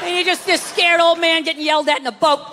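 A man's voice: very high voice, fairly even intonation, quick pace. A man doing a stand-up comedy set, ranting in a profane, exasperated way with mocking asides. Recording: live club set with loud crowd noise. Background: audience laughter.

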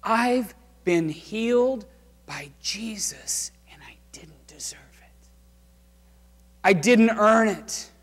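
A pastor acting out a trembling, humbled healed man speaking in a hushed, halting voice. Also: sits high, expressive, pitched above the performer's own voice, exaggerated voice. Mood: awed. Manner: hushed, halting, near whisper. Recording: reverberant church sanctuary.

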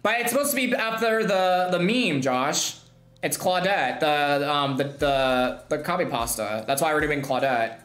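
A young woman streaming a game, chatting to her viewers, bubbly and laughing as she squeals with excitement. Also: low voice, unhurried. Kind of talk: excited gameplay streaming chat. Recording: echoey room with music behind.

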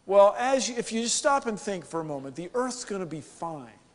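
A man from the United States giving an animated, joking conference keynote to a live audience. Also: sits high, normal speed. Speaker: keynote speaker. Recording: long hall reverb.

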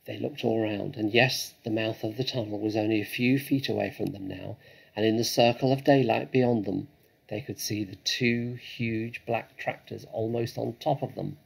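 A man reading a children's story aloud in a dramatic, measured way. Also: on the low side, fairly even intonation, vocal fry, breathy edge, low-quality recording.

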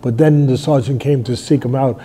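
An older man, hosting a fight talk show, telling stories in a rambling way and shouting out quoted lines. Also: mid-range voice, steady tone, moderate pace, a little hiss or hum. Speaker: boxing trainer and show host. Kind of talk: animated fight analysis chat.

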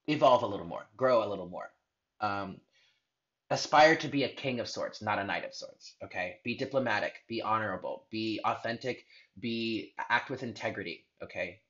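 A man's voice: on the low side, fairly bright tone, dull audio. Earnest man giving a tarot reading. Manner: earnest, heartfelt, rambling with restarts. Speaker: tarot reader.

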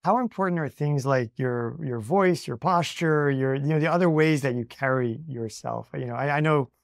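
A man's voice: mid-range voice, normal speed, creaky, no room sound, studio quality. Man hosting, questioning his guest. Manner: asks questions, laughs along. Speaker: podcast host. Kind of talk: casual interview.

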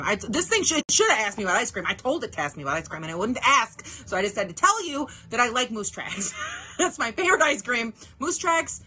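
A young woman chats through her makeup routine in an easy, giggly way. Her voice is bright and forward, and she talks to the camera as if to friends, often teasing herself. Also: medium pitch, husky. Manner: chatty, giggly, self-mocking, talks to viewers directly. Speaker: beauty vlogger. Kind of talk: casual get-ready-with-me chat.

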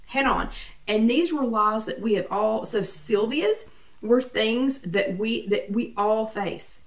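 A woman hosting a live online weight loss workshop, chatty and encouraging, greeting viewers by name. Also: medium pitch. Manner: chatty, encouraging, reads viewer names and comments aloud. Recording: echoey room, voice somewhat far from mic, faint background noise.

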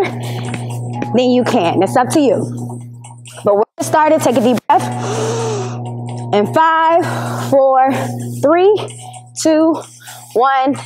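A woman teacher leading a televised exercise lesson, coaching and counting down between moves. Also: sits high. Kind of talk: leading a workout class. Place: indoors, recorded for school television.

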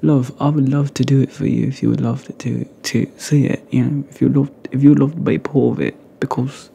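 A man's voice: medium pitch, vocal fry, dark tone, slightly rough. A man whispering a rambling, playful ASMR chat to his viewers, close to a sensitive microphone. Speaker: ASMR creator.

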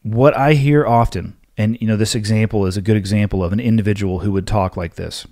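A man with a fairly low voice hosts a solo podcast, answering listener questions in a blunt, forceful, lecturing way. His voice is recorded close and dry, with no room sound. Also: a little fast, no echo. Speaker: podcast host.

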